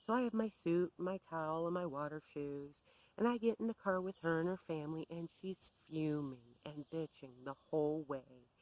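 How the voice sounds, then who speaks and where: A woman's voice: deep voice, dry recording, rough recording. Sardonic woman telling a story. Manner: sardonic, exasperated. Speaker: vlogger. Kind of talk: storytelling rant.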